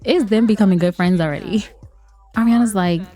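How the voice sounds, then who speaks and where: A woman's voice: medium pitch, a little fast, warm tone. A woman giving playful, chatty commentary over a life-sim game, laughing often. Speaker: let's play host. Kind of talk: gameplay commentary.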